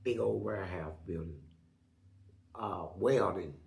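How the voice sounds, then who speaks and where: Gravelly man telling prison stories. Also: measured pace, echoey room. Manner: animated, acts out quotes with big jumps in pitch; profane street slang. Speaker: interview guest. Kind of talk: storytelling in an interview.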